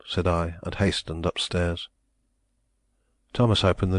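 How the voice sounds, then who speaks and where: A man narrating a novel in a measured, solemn manner. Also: low-pitched, level tone, no echo. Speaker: audiobook narrator. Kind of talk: scripted audiobook narration.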